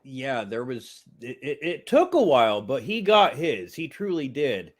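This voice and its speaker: Lively, rambling man with a swooping voice. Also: unhurried. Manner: rambling, laughs often, swings pitch widely. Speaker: movie review podcast co-host. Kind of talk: casual profane movie review chat.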